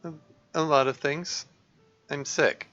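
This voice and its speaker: A man playing a worn-out young woman, usually composed but now emotional. Halting and subdued, yet with a bright, sharp tone. The recording is a little muffled, with faint music under it. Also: a little high, steady tone, voice pushed up. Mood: weary.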